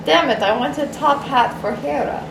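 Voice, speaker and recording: A woman's voice: sits high, moderate pace, crowd noise. A woman playing a tabletop game with friends, giggly and brash. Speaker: player. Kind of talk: tabletop role-play with friends. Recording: echoey room, faint noise.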